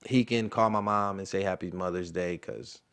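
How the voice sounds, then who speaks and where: A man's voice: deep voice, fairly even intonation, moderate pace, a bit bright, clean tone. A young man in his twenties, an interview guest and football player, telling a story casually and acting out the voices of the people in it.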